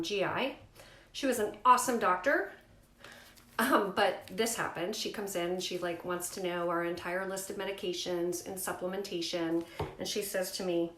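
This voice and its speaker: Woman, personal vlog storyteller, emphatic and animated, mid pitch, reverberant room. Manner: emphatic, animated retellings with rising outbursts. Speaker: mother sharing a family health story. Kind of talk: candid personal storytelling to camera.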